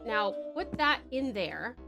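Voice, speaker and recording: A woman's voice: on the high side, big pitch swings, slow pace, vocal fry, over music. An Australian woman from Tasmania streaming a game, frantic, swearing a lot and laughing often. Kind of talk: casual gameplay commentary.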